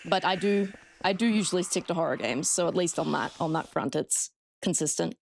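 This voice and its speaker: An Australian woman streams a horror game, casually chatting with her viewers and swearing freely. Her voice is lowish and creaky and fairly quick, with a little hiss or hum in the recording.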